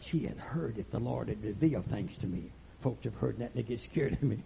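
A man preaching a fiery, folksy sermon that swings from low murmurs to loud shouts. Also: expressive, fairly quick, gravelly, slight background noise. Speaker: pastor. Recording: lo-fi recording.

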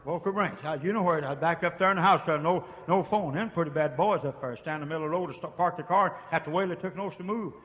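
A man preaching a revival sermon, swinging from hushed murmurs to shouts. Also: on the high side, very fast, few pauses. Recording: dull lo-fi tape with long reverb.

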